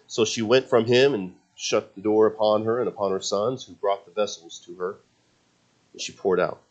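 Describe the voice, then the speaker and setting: Animated male preacher telling a story. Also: lowish voice, muffled recording. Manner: animated storytelling, acting out the characters' words; repeats words and restarts when excited. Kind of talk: sermon.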